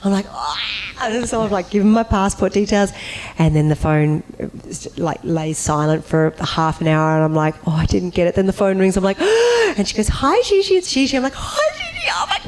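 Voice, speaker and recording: A woman on a convention panel telling an animated anecdote, acting out voices and breaking into high, laughing squeals. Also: brisk, hardly any pauses, a little hiss or hum, poor audio.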